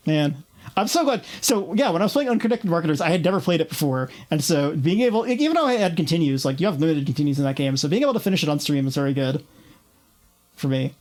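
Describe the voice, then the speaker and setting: A woman's voice: low voice, lively intonation, quick pace, a little mellow. A young woman with a New York accent chatting casually on a livestream, rambling, laughing often and swearing freely. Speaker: streamer.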